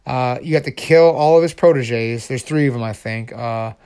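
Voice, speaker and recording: Un joven que habla con entusiasmo y atropello en un vlog informal, repitiendo palabras y reformulando sobre la marcha. Tiene un tono medio y corriente, y usa muchas muletillas. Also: male voice, mid-range voice, moderate pace, smooth. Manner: excited, rambling, with many restarts. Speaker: video creator. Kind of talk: casual ranking vlog.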